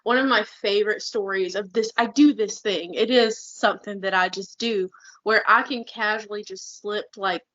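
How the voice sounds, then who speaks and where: A woman's voice: mid-range voice, normal speed, a bit bright, no room sound, dull audio. A woman co-hosting a podcast, talking bluntly and heatedly in casual chat, with frequent swearing. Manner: blunt, fired-up, swears freely. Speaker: podcast co-host.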